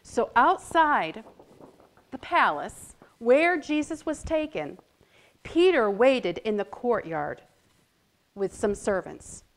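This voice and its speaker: A woman teaching a children's Bible lesson, telling the story in an expressive storytelling manner and acting out voices. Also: fairly high pitch, slow. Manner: animated, expressive, acts out voices.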